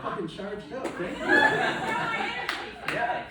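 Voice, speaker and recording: A man's voice: slow, heavy background noise. A man doing a stand-up comedy set, rambling and self-deprecating, often trailing off mid-thought. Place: comedy club with live audience. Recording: echoey room, mic from a distance, loud crowd laughter.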